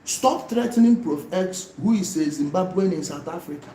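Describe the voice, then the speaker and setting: A man with a Nigerian accent hosting a casual livestream, talking in an animated way and repeating himself for emphasis, with bits of pidgin mixed in. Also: high-pitched, fairly quick, roomy sound, slight background noise, poor audio. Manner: animated, repetitive and pleading, mixing in pidgin. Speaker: YouTube livestream host.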